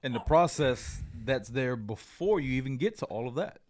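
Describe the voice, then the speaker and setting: A man speaking as a podcast guest, relaxed and conversational. He mostly chimes in with short words of agreement. His voice is at a middle pitch. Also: moderate pace. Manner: brief agreeing interjections, relaxed. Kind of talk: casual chat.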